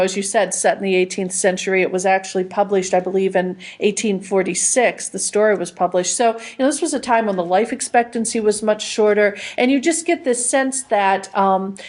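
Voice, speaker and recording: A woman's voice: medium pitch, a little mellow. A woman co-hosting a comics review podcast, talking things through in a thoughtful, casual way with frequent restarts. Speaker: podcast co-host.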